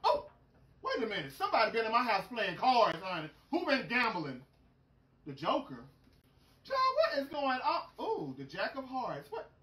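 A woman's voice: fairly high pitch, huge pitch swings, normal speed, a bit bright, far from the mic. A woman playing Alicia, a sassy young woman lost in a strange world, exclaiming and calling everyone girl and honey in a comedy sketch. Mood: sassy, bewildered. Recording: roomy sound from off-mic with clear noise.

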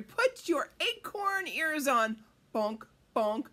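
A woman's voice: high-pitched, very animated, measured pace, fairly bright tone. A woman hosting a children's storytime, reading a picture book in a playful, coaxing way and asking the kids questions.

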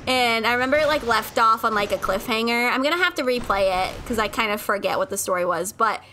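A playful woman with a high, bright voice chats with her viewers while she games on a live stream. She giggles often, and her pitch bounces all over. She is recorded on a desk mic in a room at home. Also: animated, fairly quick, a little hiss or hum. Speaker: game streamer. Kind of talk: casual live-stream chat while gaming. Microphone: desk mic at a home streaming setup.

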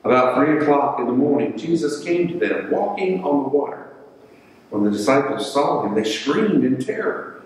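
A male pastor delivers a sermon in a measured, deliberate voice, now and then repeating a word. The recording is distant and full of long, ringing church reverb. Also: mid-range voice, animated. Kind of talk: sermon with scripture reading. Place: church sanctuary. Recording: echoey church hall from far off.

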